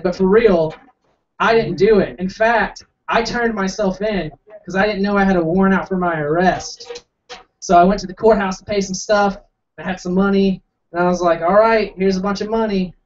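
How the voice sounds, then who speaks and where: A man's voice: high voice, slight background noise. Young man telling a rambling stand-up story. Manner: rambling, self-mocking, acts out quotes. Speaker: stand-up comic. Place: small coffee house stage. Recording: distant, dull lo-fi room recording.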